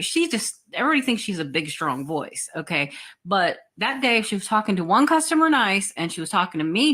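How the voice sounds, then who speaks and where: A woman's voice: on the low side, sharp tone. A woman vlogger telling a story in a casual, blunt way, swearing freely.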